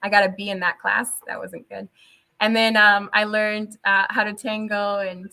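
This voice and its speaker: A young adult woman with a bright, crisp tone speaks as a guest in a casual interview. She tells her stories in an animated way, laughing often and switching into Spanish at times. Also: medium pitch, normal speed. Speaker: teacher guest.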